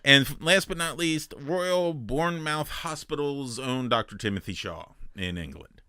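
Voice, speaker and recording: A man's voice: medium pitch, animated, measured pace, sharp tone, smooth, dry recording, clean studio sound. A man hosting a casual podcast, chatting in a jokey way that wanders off on tangents. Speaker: podcast host.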